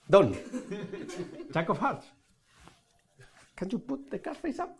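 A man's voice: sits high, big pitch swings, normal speed, pauses often, a little mellow. A Spanish man with a Spanish accent and broken English, performing a playful live magic show with audience laughter and banter. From Spain.

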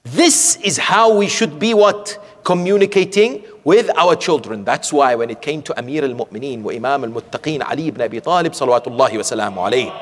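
A man's voice: mid-range voice, a little fast, hardly any pauses. A man giving a sermon from the pulpit, telling stories and often asking rhetorical questions of the audience. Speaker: sheikh preaching. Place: community centre hall, from the pulpit. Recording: long hall reverb.

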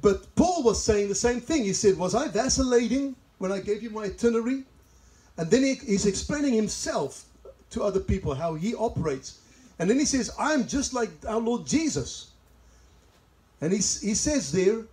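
A man's voice: high voice, lively intonation, normal speed, a little mellow, low-quality recording. A man from South Africa with a South African accent, preaching a sermon and telling chatty personal stories with laughs. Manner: chatty, laughs at own asides. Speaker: pastor. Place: church service in a greenhouse.

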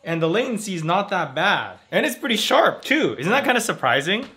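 A man talking casually to camera in a home vlog, excitable and quick to laugh. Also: high voice, husky. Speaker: vlogger.

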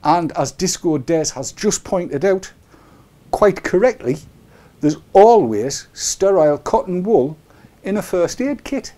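A man's voice: high-pitched, animated, slow pace, mellow. A middle-aged man hosting a casual live webcast, joking and rambling with chuckling asides. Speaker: show host.

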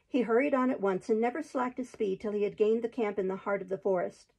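A woman hosting her own show, reading a storybook aloud in a steady, even narration. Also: mid-range voice, fast, gravelly, hardly any pauses, slightly rough, rough recording.

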